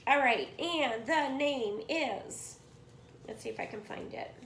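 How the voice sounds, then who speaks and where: Taking it slowly, a high-pitched middle-aged woman gushes over the yarn she's unboxing from a swap. She chats excitably to her viewers as though they're friends, casual unboxing talk from a cluttered home room with roomy acoustics and slight background noise.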